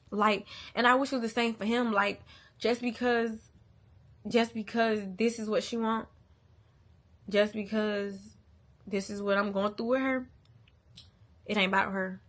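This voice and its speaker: With a slightly high, somewhat bright voice, a young mother airs her frustrations on camera. She's blunt and candid, swearing frequently and saying things twice for emphasis in this casual venting monologue.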